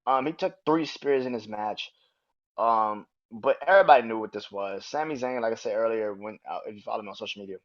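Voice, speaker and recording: Male podcast host, casual and profane, animated delivery, lo-fi audio. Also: on the low side, a little fast. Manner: animated, profane, acts out quotes in raised voices. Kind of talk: casual match review. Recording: dull lo-fi audio.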